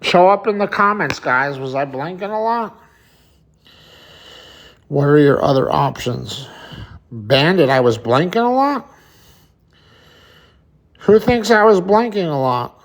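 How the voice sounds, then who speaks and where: A man's voice: on the high side, animated, slow, long pauses. A man hosting a casual livestream, chatting to viewers, reading their comments aloud and swearing freely. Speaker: livestream host.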